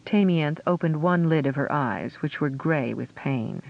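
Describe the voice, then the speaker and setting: A man narrating a fantasy audiobook with a steady storytelling delivery. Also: on the high side, unhurried, creaky, few pauses. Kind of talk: scripted narration. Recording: dull lo-fi audio.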